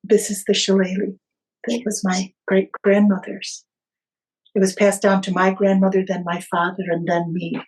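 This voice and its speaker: A woman talking as a podcast guest, spinning an old family story with lively storyteller energy. She stumbles and restarts now and then, and her voice sits at a middle pitch. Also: normal speed, poor audio. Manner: animated storyteller with small hesitations and restarts.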